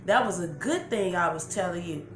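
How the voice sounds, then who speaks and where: A woman voicing a kindly older neighbor woman, slow and fond, in a roomy room. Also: lowish voice, animated, close to an everyday voice. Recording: roomy room with faint background music.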